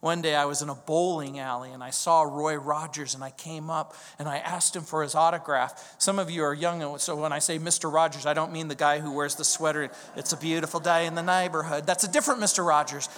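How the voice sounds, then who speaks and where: In a large church sanctuary with long reverb, a high-voiced middle-aged pastor from Southern California preaches verse by verse, his tone a bit bright and his intonation fairly even. He shifts smoothly from reading scripture to personal stories, leaning hard on key words and drawing out stresses slowly for emphasis.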